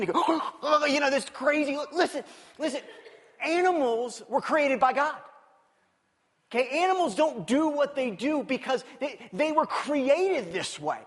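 Man, pastor, animated sermon, playful storyteller, asks the crowd questions, very high voice, big echoing hall. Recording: long reverb of a large hall.

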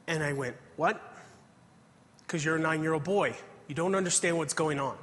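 A man's voice: a little high, quick pace, a bit bright. A man preaching a testimony sermon, telling his story earnestly and reading scripture aloud. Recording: hall reverb.

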